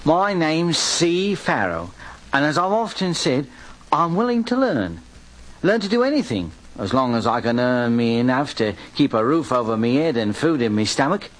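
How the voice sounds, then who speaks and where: An actor playing a poor, folksy drifter who narrates an old-time radio drama. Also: male voice, medium pitch, very animated, lightly acted. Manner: folksy, slow-spoken, self-pitying. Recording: hissy old radio recording.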